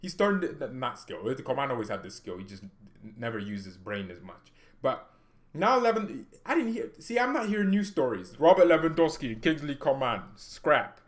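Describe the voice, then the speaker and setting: A man hosting a football reaction vlog, talking in an animated, jokey, rambling way. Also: mid-range voice, a little fast. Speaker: football reaction channel host. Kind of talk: casual reaction vlog commentary.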